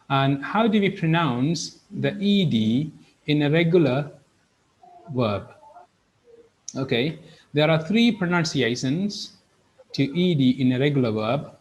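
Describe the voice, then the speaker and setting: Slow, patient male English teacher. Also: medium pitch, animated, rough recording. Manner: slow, patient, repeats each word twice. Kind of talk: live online English lesson.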